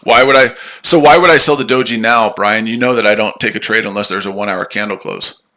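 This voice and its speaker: A man's voice: fairly low pitch, brisk, bright, forceful tone. Sarcastic, tired man streaming trades. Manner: sarcastic, repetitive, combative. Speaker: trading livestream host. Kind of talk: live trading stream, answering chat.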